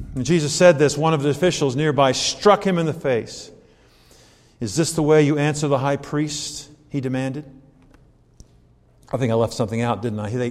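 A male preacher reads scripture and muses on it in a conversational, questioning way, pausing to correct himself. His voice sits a little high. It carries a long reverb from the church sanctuary. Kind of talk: sermon with scripture reading.

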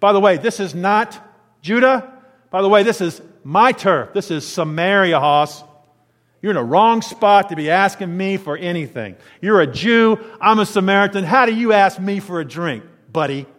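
A man's voice: high-pitched, animated, normal speed, fairly bright tone, in a large hall, pitched above the performer's own voice. A man voicing a bold Samaritan woman who talks back with sarcasm, in a sermon. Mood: sarcastic. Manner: sarcastic, challenging. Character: sassy defiant Samaritan woman at a well.

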